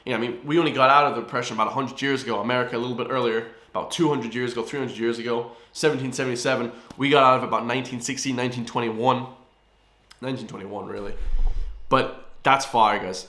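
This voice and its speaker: An Irish man hosts a casual music reaction, keen and chatty, forever turning to the viewers. His voice sits at an ordinary pitch. The room around him is echoey. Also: fast. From Ireland. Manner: excitable, keeps addressing viewers as guys. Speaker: music reaction video host.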